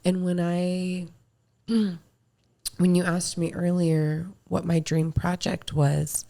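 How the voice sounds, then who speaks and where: A woman co-hosting a casual podcast, talking in a calm, self-assured way. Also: fairly low pitch, gravelly. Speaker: podcast co-host. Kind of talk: casual chat.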